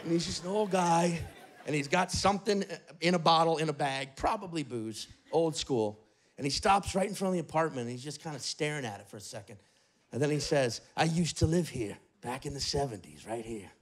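A man doing stand-up comedy in an apartment, telling a story in an animated way. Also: a little high, a little fast. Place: apartment living room, live audience.

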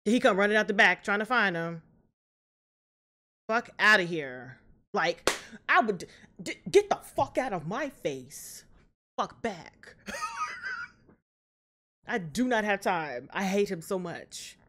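A young woman hosting a reaction video, talking casually and trash-talking the characters loudly with plenty of swearing, recorded at home on a desk mic. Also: mid-range voice, slow, pauses often, a little hiss or hum. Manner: loud, profane, animated trash talk at the screen.

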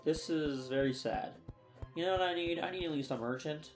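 A tired young let's play gamer yawns while giving casual, self-mocking commentary on his own gameplay, chatting to himself as he plays. His voice is fairly high and at normal speed, with soft background music.

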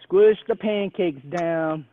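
Upbeat coach on a tinny video call. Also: male voice, high-pitched, slow, dry recording. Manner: upbeat, encouraging, counts reps aloud and jokes with the kids. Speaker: gymnastics coach. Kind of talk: leading a live online exercise class.

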